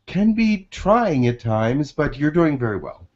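A man speaks as a gentle telepath from the space colonies during a channeling webinar. He talks very slowly and reassuringly, restarting his phrases often. The sound is dull and lo-fi. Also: on the high side, very animated. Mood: calm. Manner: slow, hesitant, soothing, with many restarts.

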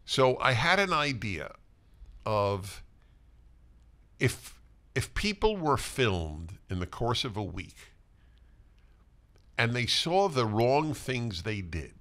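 Animated older man telling a story. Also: medium pitch, slow, long pauses. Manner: animated storyteller, frequent restarts and repetitions. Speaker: co-host. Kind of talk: casual conversational talk show.

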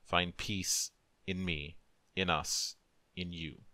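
A dying young mother, voiced by a man reading a story speaks in a faint, slow, breathy hush. The voice stays low and tender. It is recorded close and dry. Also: steady tone, no room sound, full character voice. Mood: gentle.

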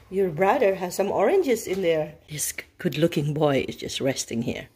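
A woman's voice: on the low side, sing-song, a little slow, darkish tone, breathy edge. A woman vlogging at home at night, chatting casually and cooing baby talk to her dogs. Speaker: vlogger filming her pets. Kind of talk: casual chat.

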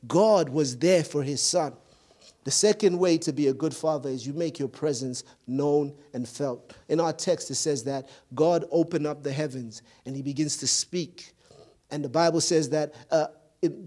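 A man's voice: fairly high pitch, mellow. A man preaching a sermon as pastor, with a repetitive, emphatic cadence and occasional stumbles over words. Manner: stumbles and repeats words when searching.

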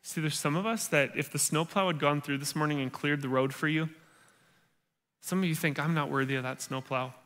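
A man's voice: on the high side, fairly quick, fairly bright tone. A man preaching a sermon at a church service in a conversational, playful way, acting out the thoughts of his listeners. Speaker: pastor.

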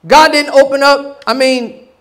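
High-voiced, animated man preaching. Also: unhurried. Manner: animated preaching, swinging from loud bursts to low asides; casual slang, acts out quoted voices. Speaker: pastor. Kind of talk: sermon.

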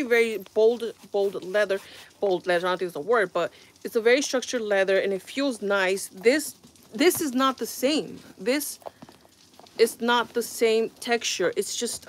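A woman's voice: a little high, measured pace. Woman venting on her vlog at home, sighs a lot, rambly, filmed on her phone. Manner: exasperated, rambling, sighs often. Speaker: vlogger. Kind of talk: casual product review vlog.

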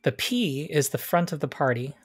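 A game master running a tabletop game over a video call, relaxed and quick to laugh. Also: medium pitch, husky.

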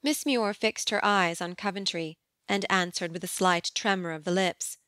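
A woman reading a novel aloud as an audiobook narrator, in an even, measured storytelling manner. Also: on the low side, smooth, no room sound, clean studio sound. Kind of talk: scripted narration. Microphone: studio microphone.

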